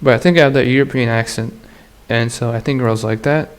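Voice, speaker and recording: A man hosts a casual solo podcast, rambling in crude slang and laughing frequently. His medium-pitched voice is smooth and brisk with fairly even intonation.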